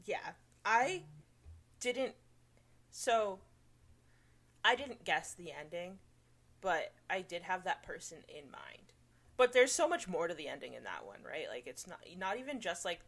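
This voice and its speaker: A woman's voice: on the low side, very animated, a little slow, long pauses, a bit bright. A woman co-hosting a book podcast, talking bluntly and casually with offhand swearing. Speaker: podcast co-host.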